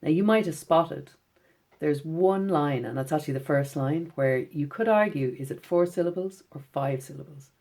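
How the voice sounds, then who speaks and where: A low-pitched woman teaches schoolchildren in a gentle, encouraging tone. She reads her poems out slowly and with care. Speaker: poet teaching children. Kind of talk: recorded lesson for schoolchildren.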